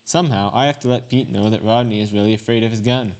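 A man reading as a gentle, soothing young mother. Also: on the low side, fast talker, muffled recording, natural voice. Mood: earnest. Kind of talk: reading a story aloud.

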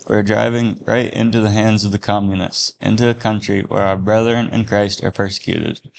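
A man's voice: lowish voice, steady tone, normal speed, vocal fry, poor audio. A man reading a story aloud, voicing a tense male traveler who answers politely and carefully. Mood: anxious murmur.

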